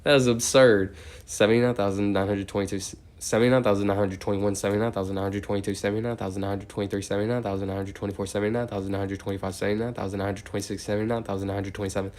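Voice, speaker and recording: A man livestreaming as he counts out loud without a break, now and then drifting off into rambling chat full of "like". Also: fairly low pitch, flat delivery, fast talker.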